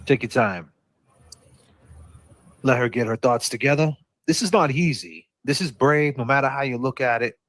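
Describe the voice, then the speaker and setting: A man's voice: mid-range voice, expressive, normal speed, long pauses, a bit bright, dry recording. A man hosting a casual livestream over a video call, loose and chatty, talking straight to his viewers. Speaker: livestream host.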